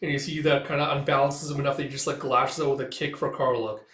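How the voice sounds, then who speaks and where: A man's voice: medium pitch, fairly even intonation, fast talker, a bit bright. A man casually recapping a comic, narrating with lots of "like" and "uh". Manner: loose narration with many "like" and "uh" fillers. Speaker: manga reader and reviewer. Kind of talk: casual recap read-aloud. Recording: roomy echo.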